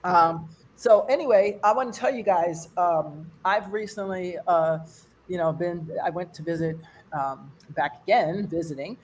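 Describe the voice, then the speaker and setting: An older American woman doing a loose, rambling stand-up set for an online fundraiser. She chats to the audience like a friend, and her pitch leaps up whenever she imitates someone else's accent. A faint hiss of background noise sits under her voice. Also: unhurried, darkish tone. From United States. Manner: rambling and conversational, mimicking accents with big pitch jumps. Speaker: stand-up comedian.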